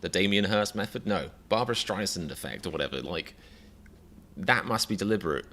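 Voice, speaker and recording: A man's voice: sits low, a little fast, pushed and bright. An English man in his thirties, chatting casually to a live-stream audience in a rambling, self-deprecating, mock-exasperated way. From England. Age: 30s.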